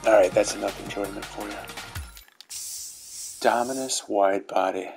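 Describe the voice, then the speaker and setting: A man's voice: fairly low pitch, steady tone, measured pace, vocal fry, a little mellow, rough recording. A middle-aged man giving casual commentary on game rewards, with dry dad-joke humor. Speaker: YouTuber reviewing game rewards. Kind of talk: casual commentary over gameplay footage. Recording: faint background music.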